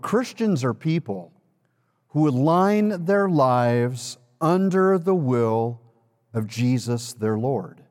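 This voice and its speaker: A man preaching a sermon as a pastor, emphatic, with dramatic pauses and repetition. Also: mid-range voice, a little mellow. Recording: long reverb of a large hall.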